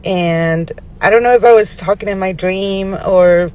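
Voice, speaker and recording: A mother calmly telling a soft-spoken story about her son. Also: medium pitch, measured pace. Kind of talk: casual storytelling.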